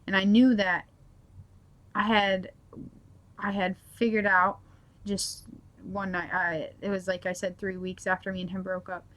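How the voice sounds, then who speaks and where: A woman's voice: medium pitch, little pitch movement, a little slow, pauses often, a bit bright. A young mother sharing her faith testimony at home in a casual, rambling way, full of filler words. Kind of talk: personal testimony vlog.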